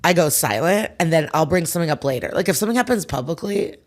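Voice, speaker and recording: A woman's voice: low-pitched, lively intonation, fast talker. Frank, reflective woman comedian. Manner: frank, reflective, restarts sentences. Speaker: comedian guest. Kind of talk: casual chat.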